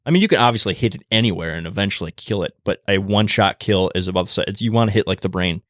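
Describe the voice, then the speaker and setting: A man guest on a podcast, telling a story in a casual, animated way and acting out the quotes in a hushed voice. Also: lowish voice, rapid-fire, no room sound, clean studio sound.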